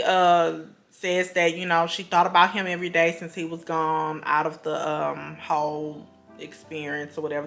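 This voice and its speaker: A gossipy woman talks through a reality-show recap in a lower-pitched voice. She strings her points together with fillers and side comments. Faint music plays underneath. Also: a bit bright. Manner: chatty, gossipy, full of fillers and asides.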